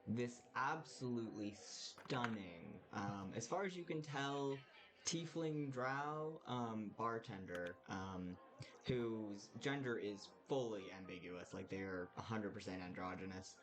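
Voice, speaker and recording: A man's voice: on the low side, slow, a crowd in the background. A man narrating a tabletop game as game master, casually and with many hesitant fillers. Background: music.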